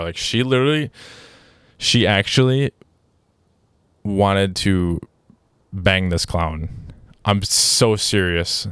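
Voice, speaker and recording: Man, young adult, low voice, smooth and clear, dry close sound, casual rambling story, exasperated. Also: takes it slowly, long pauses, a bit bright, no room sound. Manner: exasperated, rambling with many restarts and "like". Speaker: podcast host.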